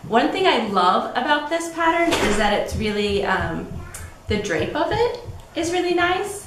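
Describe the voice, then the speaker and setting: A woman's voice: high-pitched, big pitch swings, measured pace, fairly bright tone, reverberant, a little hiss or hum, rough recording. A woman co-hosting a podcast, chatting casually about her knitting with frequent ums and light laughs. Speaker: podcast co-host.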